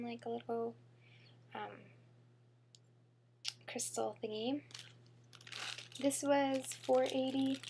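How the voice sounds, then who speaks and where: Bubbly young woman with a gravelly edge. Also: a little high, a little hiss or hum. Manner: bubbly, chatty, full of fillers and "oh my god". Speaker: beauty vlogger. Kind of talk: casual haul vlog.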